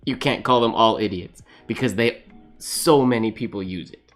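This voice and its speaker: A man's voice: medium pitch, very animated, a little slow, faint music behind. A man hosting a live calligraphy stream, chatting casually and thinking aloud as he writes, laughing often and answering viewers. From Canada. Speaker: calligraphy livestream host. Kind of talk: casual chat while writing live.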